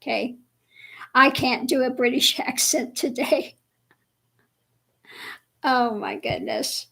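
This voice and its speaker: A woman hosting a casual livestream chat with viewers, slow and chatty, laughing often, with her voice a bit worn. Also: on the high side, gravelly, sharp tone, low-quality recording. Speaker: livestream host.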